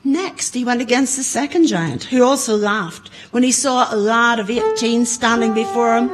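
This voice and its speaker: Dramatic woman storyteller, high voice. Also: moderate pace, few pauses, loud music behind the voice, low-quality recording. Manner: dramatic, rising loud in battle scenes. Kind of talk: oral folktale storytelling. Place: conference room before an audience.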